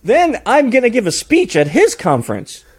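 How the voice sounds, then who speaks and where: A man telling stories as a podcast guest in a casual, animated way, his voice jumping high when he gets excited. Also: normal speed, husky. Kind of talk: casual storytelling.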